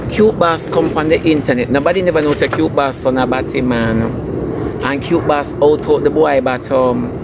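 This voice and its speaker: Jamaican guy going off, scolding and preachy, kinda high voice, loud traffic noise behind him. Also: moderate pace. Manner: scolding, preachy, emphatic repetition. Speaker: entertainer ranting online. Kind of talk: ranting commentary.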